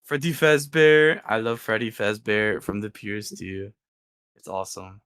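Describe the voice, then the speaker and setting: A young man co-hosting a casual esports podcast, rambling excitedly with lots of fillers and restarts. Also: lowish voice, a little slow, clear, resonant tone. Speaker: podcast co-host.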